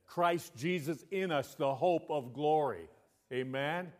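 Brief: male preacher, sermon delivery, somewhat high voice, call-and-response. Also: slow pace. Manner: calls out "Amen?" to the congregation. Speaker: pastor.

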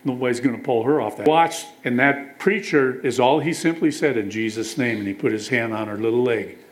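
A man's voice: mid-range voice, brisk, rough recording. Man preaching a sermon on healing. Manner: storytelling, quotes scripture, asks the congregation questions.

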